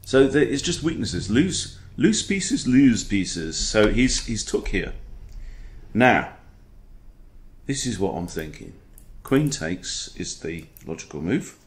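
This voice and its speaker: A man coaching chess, talking through a game in a playful, chatty way. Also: medium pitch. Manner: playful, chatty, throws in silly impressions. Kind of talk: casual game commentary.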